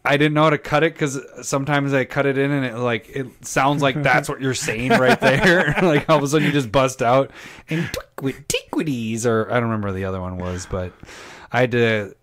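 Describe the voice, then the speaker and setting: A man's voice: mid-range voice, brisk, fairly bright tone. A man co-hosting a casual podcast chat, joking around and laughing often. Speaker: podcast co-host.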